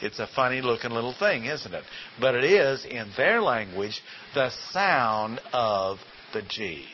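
A man's voice: medium pitch, sing-song, unhurried, pushed and bright. A man teaching a Bible class in a folksy way, quizzing his listeners with rhetorical questions. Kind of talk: classroom lecture. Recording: dull lo-fi recording with faint hiss.

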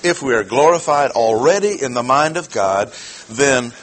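A man's voice: medium pitch, animated, moderate pace, low-quality recording. A man preaching a sermon, teaching through a passage with rhetorical questions and repeated key phrases.

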